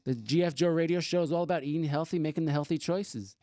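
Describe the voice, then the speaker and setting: A man's voice: a little high, fast talker, warm tone, no room sound, clean studio sound. A man hosting a casual radio talk show, chatting with a guest and reading out the call-in number.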